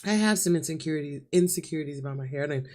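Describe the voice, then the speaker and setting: Tearful and nervous, a young woman confesses to the camera in an emotional vlog, laughing as she cries. Her voice is low and warm, and she talks in a rapid-fire way.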